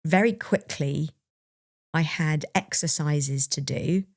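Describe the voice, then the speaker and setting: A young woman speaks slowly in a low-pitched voice while co-hosting a podcast, telling a story from her own life in an open, reflective way and laughing occasionally as she recalls it. The audio is studio quality with no echo.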